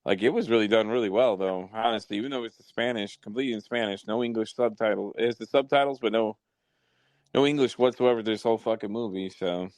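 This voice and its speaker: Low guy rambling and swearing on his podcast, dry close mic. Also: fast, darkish tone, no echo. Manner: profane, rambling storyteller. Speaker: podcast host. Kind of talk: casual chat.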